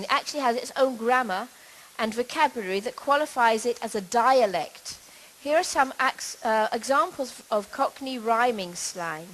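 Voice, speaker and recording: A middle-aged woman gives a lecture at a conference, her voice sitting a little high. She explains points in a measured, steady way, now and then restarting a phrase. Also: a little hiss or hum, rough recording. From Britain. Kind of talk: conference talk on language.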